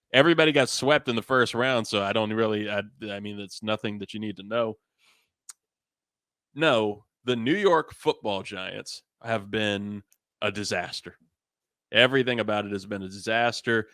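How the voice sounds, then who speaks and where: A man's voice: lowish voice, fairly bright tone, clear, resonant tone, dry recording, clean studio sound. A young man hosting a sports variety show, chatting casually in a rambling, self-amused way. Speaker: host.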